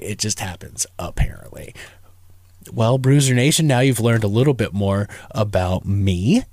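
A man's voice: on the low side, a little mellow, dry recording. A man hosting a podcast, telling a personal story in a casual, chatty way with plenty of slang. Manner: laid-back, chatty, slang-heavy. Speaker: podcast host.

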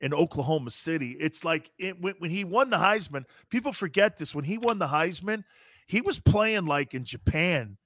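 A middle-aged man co-hosting a sports talk show, telling lively, slangy stories and peppering them with "man". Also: on the high side, moderate pace, a little hiss or hum. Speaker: co-host.

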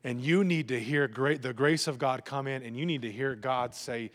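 A man preaching a sermon as pastor, emphatic and repetitive, swinging between loud urging and hushed, low lines. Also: normal speed, hardly any pauses, big-room sound. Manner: emphatic, repetitive preaching with sudden drops to a hush.

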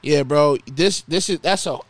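A man casually bantering about movies on a podcast, teasing and animated. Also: a little high. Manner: animated, teasing, drawn-out questions.

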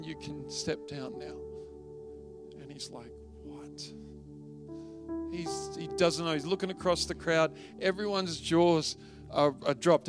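A man preaching a sermon and telling a story with rising emotion, at times close to tears. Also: fairly high pitch. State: tearful at times. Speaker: pastor.

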